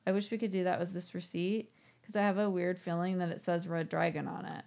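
A podcast co-host chats casually, telling animated stories loaded with fillers. Her voice is on the low side, fairly quick and creaky.

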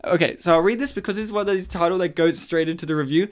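A man's voice: on the high side, rapid-fire, few pauses, clear, resonant tone. A man hosting a casual comedy podcast, playful and teasing, often breaking into laughter. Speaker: podcast host.

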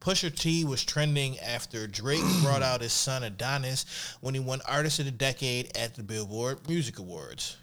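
A man's voice: medium pitch, expressive, moderate pace, a bit bright. A man hosting a casual podcast, reading out a silly story and tweets, laughing often and repeating "you know what I'm saying". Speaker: podcast host.

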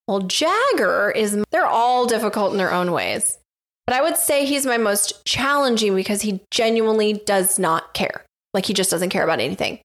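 A woman's voice: medium pitch, expressive, normal speed, a bit bright. A woman on a podcast, telling a candid, self-assured story in casual chat.

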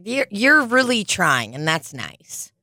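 A woman's voice: mid-range voice, big pitch swings, slow, pushed and bright, no echo, studio quality. A young woman co-hosting a casual chat, rambling and swearing now and then.

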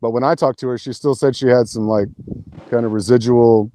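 Speaking at medium pitch and a slightly quick pace, a man guests on a podcast with slight background noise audible. His story wanders, restarts repeatedly, and is animated and laced with swearing.

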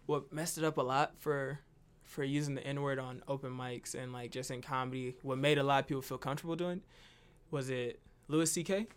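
A man, a comedian, in a casual podcast chat, talking fast and animated and often asking "you know what I mean?". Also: medium pitch, clean tone.

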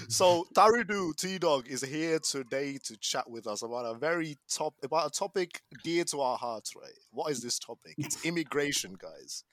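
A man's voice: a little high, animated, a little slow, fairly bright tone. A young man from Sri Lanka hosting a casual podcast, joking and teasing his friends. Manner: joking, teasing, hypes up guests. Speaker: podcast host. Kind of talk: casual chat.

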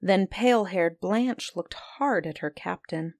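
Storyteller, woman, dry close read with no room sound, expressive fairy-tale delivery. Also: on the low side, a little slow, dry recording. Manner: expressive read-aloud, voicing characters. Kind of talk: storybook reading.

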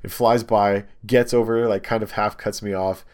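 A young man casually telling a long, animated story, full of ums and likes. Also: on the low side, moderate pace.

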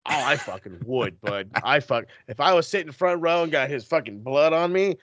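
Animated, foul-mouthed man recapping wrestling. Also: moderate pace, no echo. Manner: animated, profane, acts out quotes with big pitch jumps. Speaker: wrestling podcast co-host. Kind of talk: casual chat.

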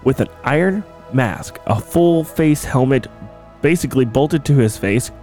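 A man's voice: mid-range voice, lively intonation, a little slow, darkish tone, soft background music. A man hosting a casual comedy podcast, joking around and hamming it up. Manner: joking, hammy, breaks into mock French greetings. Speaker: podcast host.

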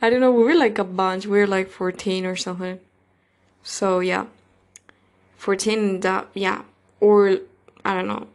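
A woman's voice: medium pitch, fairly even intonation, unhurried, long pauses. A woman hosting her own podcast, talking casually and rambling, with many fillers and loose grammar. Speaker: podcast host. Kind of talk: casual solo podcast monologue.

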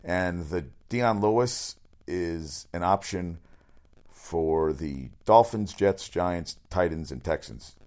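A man running through sports news as a radio host, rambling, excitable and swearing often. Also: sits low, slow pace. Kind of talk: casual sports news rundown.

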